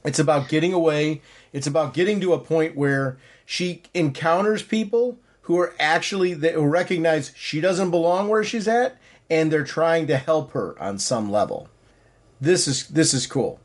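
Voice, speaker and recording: Male podcast co-host, casual chat, slightly high voice, eager and rambling. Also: animated, moderate pace. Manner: enthusiastic, rambling, many restarts.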